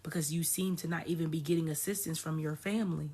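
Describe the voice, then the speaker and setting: A woman spiritual coach speaks in a casual, ranting commentary style and hammers points home by repeating them. Her voice sits on the low side and has a breathy, husky edge. She talks emphatically and swears freely. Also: fairly even intonation, fast talker, a little mellow.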